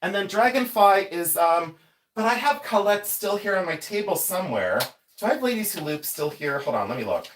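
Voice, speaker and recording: Animated, chatty man hosting a livestream. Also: high-pitched, brisk. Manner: chatty, reads viewer names aloud, laughs often. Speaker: livestream host sorting jewelry. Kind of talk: casual livestream chat.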